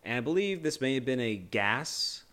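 A man's voice: medium pitch, sing-song, moderate pace, fairly bright tone. A man co-hosting a casual movie discussion podcast, rambling and joking loosely with many restarts. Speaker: podcast co-host.

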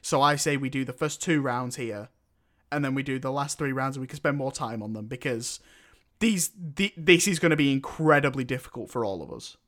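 A man's voice: medium pitch, a little fast, a bit bright. A man hosting a casual podcast, rambling and restarting his sentences as he sets up a film tournament. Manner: rambling, self-interrupting, swears casually.

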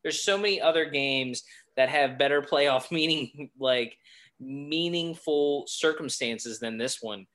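A man with a bright, forceful tone talks football on a casual podcast. He rants in irritation, and his voice keeps rising as he pushes his point. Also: on the high side, unhurried. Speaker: podcast co-host. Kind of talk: casual sports chat.

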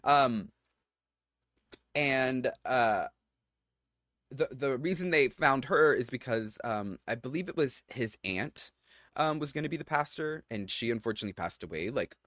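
A man co-hosting a podcast, telling a story in a chatty way, full of fillers and lively swings in pitch. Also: a little slow, dry recording, clean studio sound. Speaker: podcast co-host. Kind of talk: casual chat.

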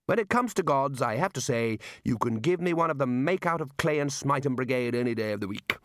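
Brief: man doing a bossy, hearty elderly wizard boss, booming and brisk. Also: expressive, fairly bright tone, dry recording, clean studio sound, lightly acted. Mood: cheerful. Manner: booming, brisk and cheerfully dismissive. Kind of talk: audiobook character voice.

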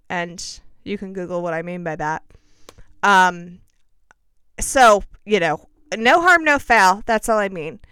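A woman's voice: lowish voice, a bit bright, clear, resonant tone, dry recording, studio quality. A woman telling a personal story in a casual, chatty way, full of self-mocking and dramatic asides.

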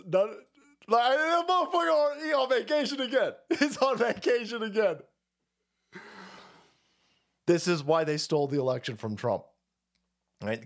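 A man hosting a livestream, delivering a profane, rambling rant in fast bursts of casual commentary. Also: a little high. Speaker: streamer host.

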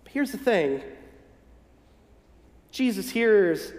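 This pastor from the northern US delivers a gently humorous, folksy sermon conversationally, moving slowly with long pauses and big swings in his fairly high male pitch. The sanctuary gives a roomy echo and long reverb.

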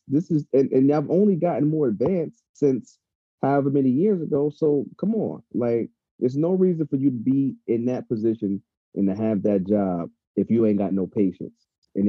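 A man's voice: mid-range voice, husky, dry recording. A man talking casually and heatedly, swearing freely, as a podcast co-host. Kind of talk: casual chat. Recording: dull lo-fi sound.

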